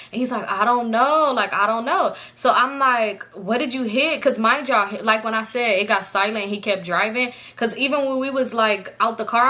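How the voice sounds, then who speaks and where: A young woman, telling a casual storytime, animated and laughing as she quotes the people in her story. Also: on the high side.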